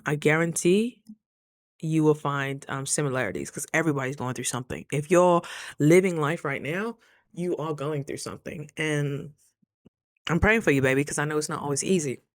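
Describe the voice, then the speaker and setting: A woman talking casually to her camera, chatty and affectionate, calling her viewers baby and jumping up high when she quotes people. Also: no echo, studio quality. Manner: lively, jumps high for quoted voices. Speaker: vlogger.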